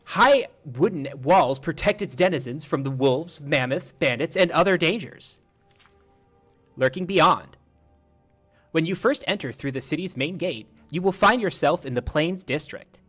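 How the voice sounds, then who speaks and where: A man's voice: fairly high pitch, lively intonation, measured pace, a bit bright, soft background music. A man reading a game book aloud as a lecherous, flowery male bard while mimicking a text-to-speech lady voice. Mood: grandiose. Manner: grandiose, theatrical reading.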